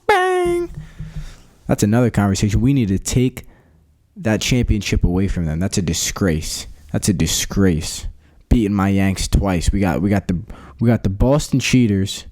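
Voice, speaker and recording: A young man chatting on his own podcast in a loose, rambling way, full of slang and filler phrases. His voice sits on the low side and sounds mellow and relaxed rather than bright. It is a casual, unscripted solo talk. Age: young adult. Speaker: podcast host.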